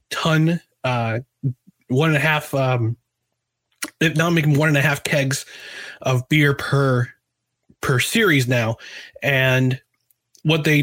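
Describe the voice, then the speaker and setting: A man hosts a casual talk show, rambling and chatty, often restarting his sentences. His voice sits a little high for a man. It is recorded dry and close, with no room sound. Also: fairly bright tone, dry recording. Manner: chatty, drinks a beer while talking. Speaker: podcast host.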